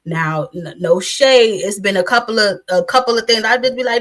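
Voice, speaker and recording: Blunt, bright-voiced woman in a casual interview. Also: mid-range voice, normal speed, hardly any pauses. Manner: blunt and profane, laughing often. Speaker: interview guest.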